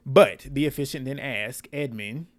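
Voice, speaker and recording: A man's voice: medium pitch, normal speed. A man recapping a reality dating show in casual, blunt commentary, swearing and laughing often.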